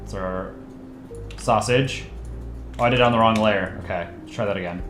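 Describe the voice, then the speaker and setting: A man's voice: on the low side, moderate pace, roomy sound, music in the background. Chatty man live-streaming while he draws. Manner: relaxed, chatty, thinking aloud while drawing, reads chat requests. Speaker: streamer drawing for chat. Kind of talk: casual live-stream chat while drawing.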